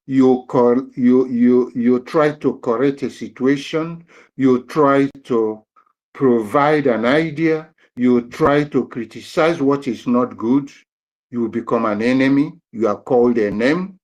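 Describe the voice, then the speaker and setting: A man hosting a live audio room, answering in a measured, preachy way with some restarts. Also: medium pitch, a little mellow. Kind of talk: measured commentary on a live call.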